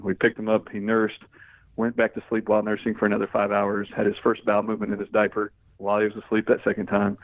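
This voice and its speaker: A middle-aged man telling a personal story as an interview guest, acting out the lines of the people in it. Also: lowish voice. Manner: animated storyteller, acts out quoted dialogue. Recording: dry, phone-like narrow sound.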